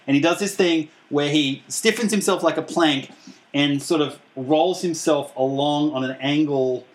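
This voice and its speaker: Male host, slightly high voice, giggly and rambling; casual podcast chat. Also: moderate pace. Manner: rambling, laughs often, animated retelling.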